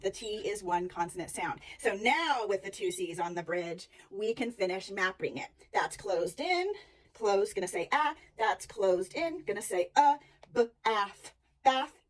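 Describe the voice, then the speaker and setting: A woman teacher walking briskly through a phonics lesson step by step. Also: mid-range voice, expressive, recorded from a distance. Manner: brisk, walks through steps aloud.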